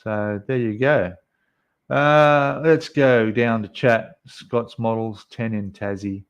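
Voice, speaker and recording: A man's voice: medium pitch, fairly even intonation, slow, clear, resonant tone, muffled recording. A middle-aged man hosting a casual live stream, chatting in a rambling way and reading out viewer comments with many fillers. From Australia.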